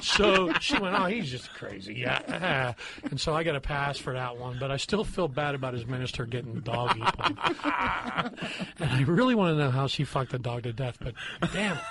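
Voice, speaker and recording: A man's voice: medium pitch, very animated, moderate pace, gravelly, fairly bright tone, slight background noise. A man hosting a podcast, telling a crude story with plenty of laughter in casual chat. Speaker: podcast host.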